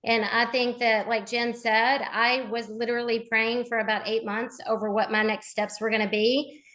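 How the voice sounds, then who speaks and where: A woman's voice: a little high, little pitch movement, normal speed, a bit bright. A woman on a team video call sharing her story and earnestly encouraging others. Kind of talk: casual motivational talk on a group call.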